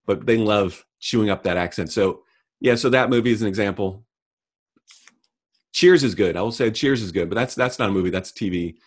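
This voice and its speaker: A middle-aged man co-hosting a casual comedic chat, delivering deadpan mock rants. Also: on the low side, brisk. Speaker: podcast co-host.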